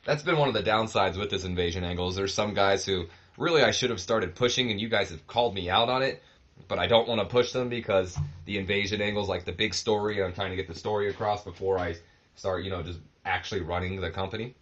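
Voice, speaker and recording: Brief: laid-back man hosting a game series, low and rambling, dull lo-fi audio. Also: fast. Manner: rambling, relaxed, many fillers. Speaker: host of a wrestling management game series. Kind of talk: casual gameplay commentary.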